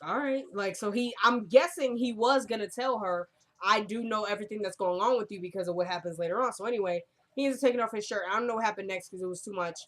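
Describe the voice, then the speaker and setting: A woman's voice: mid-range voice, quick pace, fairly bright tone. A woman casually recapping a TV drama episode, chatty and full of fillers, acting out the characters' lines as she retells scenes.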